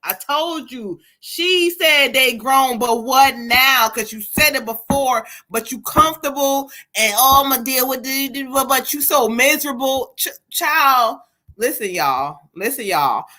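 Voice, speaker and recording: A woman's voice: high voice, animated, unhurried, bright, forceful tone. A woman co-hosting a live stream, giving emphatic, profane spiritual readings to viewers. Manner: emphatic, profane, calls out to viewers as "child" and "y'all".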